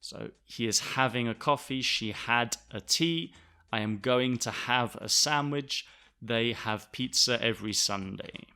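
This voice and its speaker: A man from the south of England with a Southern English accent, explaining English vocabulary to learners in a clear, deliberate way. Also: mid-range voice, sharp tone. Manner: clear, deliberate, spells words out. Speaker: English teacher, podcast host.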